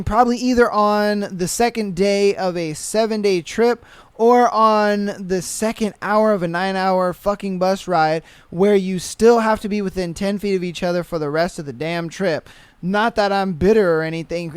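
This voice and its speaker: A man's voice: sits high, smooth, no echo. A young man hosting a podcast, ranting in casual, profane, exasperated reaction commentary. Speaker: podcast host.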